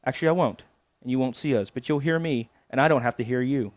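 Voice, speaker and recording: A man hosts his podcast solo in a crude, sarcastic, rambling way. His voice sits at a middling pitch and sounds dry and close, with no room around it. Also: quick pace, no echo. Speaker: podcast host. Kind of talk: casual solo podcast talk.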